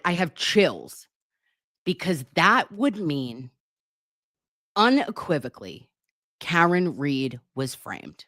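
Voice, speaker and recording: A woman's voice: low voice, very animated, slow, pauses often, fairly bright tone, no echo, studio quality. A woman hosting a casual trial recap, emphatic and profane as she talks. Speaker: commentary host.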